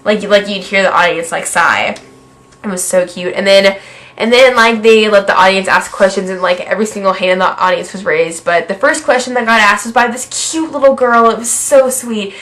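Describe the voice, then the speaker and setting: A woman's voice: mid-range voice, moderate pace, a bit bright. Gushing young woman fan. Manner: gushing, lots of "like" fillers. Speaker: vlogger. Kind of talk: excited fan recap vlog.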